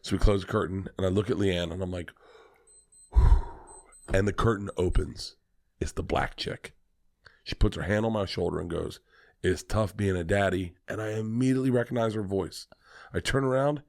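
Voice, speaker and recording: A comedian on a podcast telling a long personal story in a casual, animated, swearing manner. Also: male voice, low voice, moderate pace, vocal fry. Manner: animated, profane, fillers like "like".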